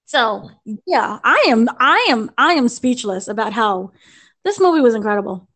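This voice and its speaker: A woman's voice: on the high side, sing-song, normal speed, a bit bright. A young American woman reviewing a film on a podcast, gushing and rambling with restarts and fillers. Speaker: entertainment editor reviewing a film.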